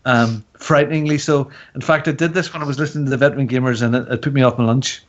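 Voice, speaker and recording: A man's voice: medium pitch, fairly even intonation, fast talker. A man hosting a podcast in casual chat, joking and teasing as he rambles through topics. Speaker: podcast host. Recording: dull lo-fi audio.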